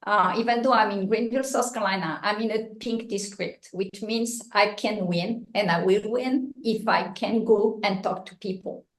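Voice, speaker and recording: A woman's voice: medium pitch, fairly even intonation, normal speed, few pauses. A woman running for local office, giving an impassioned, joking and blunt campaign speech at a meeting. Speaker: political candidate. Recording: echoey meeting room.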